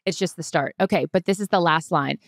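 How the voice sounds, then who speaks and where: Low-voiced woman telling a story. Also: fast, dry recording, studio quality. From Seattle. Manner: chatty storytelling, lots of fillers. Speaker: podcast co-host, sports reporter. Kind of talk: casual chat.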